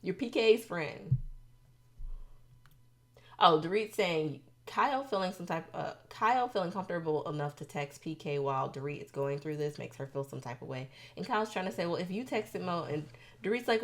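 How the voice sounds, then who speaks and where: A woman hosting a casual reality TV recap, expressive and sassy, throwing in quick asides. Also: lowish voice.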